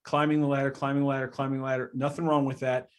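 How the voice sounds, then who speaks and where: A man hosts a podcast and closes out an interview. He thanks his guest effusively and laughs easily, his voice sitting at an everyday mid pitch. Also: level tone, very fast, clear, resonant tone. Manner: effusive, grateful, laughs often. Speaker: podcast host. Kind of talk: casual interview wrap-up. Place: from Columbus area.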